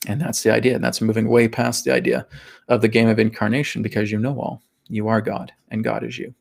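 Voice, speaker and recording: A man hosting a live spiritual talk and Q&A in a casual, animated way, often checking in with "right?" and acting out voices. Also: lowish voice, fast talker, creaky. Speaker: host and spiritual teacher.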